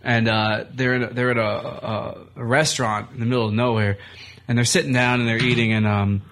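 A man's voice: mid-range voice, flat delivery, brisk, a bit bright. A man who wrestles and does comedy, telling crude stories in a casual radio chat and laughing through them. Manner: profane storyteller, laughs through his stories.

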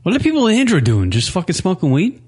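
A man co-hosting an internet radio show, ranting in loud, profane, crude banter. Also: high-pitched, wildly swooping pitch, quick pace, husky. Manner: loud, profane, riffing rants.

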